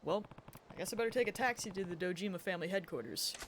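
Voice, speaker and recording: A woman's voice: on the low side, expressive, quick pace, a little hiss or hum. A woman streamer chatting casually while playing a game and telling stories with frequent giggles. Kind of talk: casual live-stream gameplay chat.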